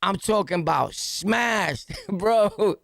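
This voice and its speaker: Podcast host, male, New York accent, high fry-edged voice, slangy animated storyteller. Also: slow pace. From New York City. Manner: animated, slangy, punchy storytelling with sound-effect words. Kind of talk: storytelling jail anecdote.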